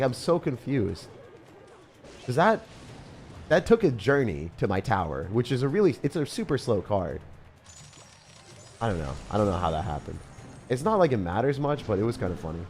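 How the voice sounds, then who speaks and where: A man streaming a mobile strategy game live, commentating his matches in an excitable, chatty way and talking to his viewers. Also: on the low side. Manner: animated, excitable, talks to chat. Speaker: gaming streamer. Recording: faint music behind.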